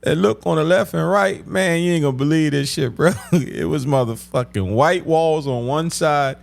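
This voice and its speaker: A man telling crude, profane comedy stories in street slang, with a drawn-out delivery, often breaking into laughter. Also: fairly high pitch, gravelly. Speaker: stand-up comedian. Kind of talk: comedic storytelling.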